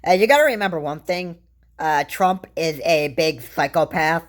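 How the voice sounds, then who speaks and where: A woman giving casual political commentary to camera, rambling and halting, restarting her sentences often. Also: deep voice. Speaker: vlogger.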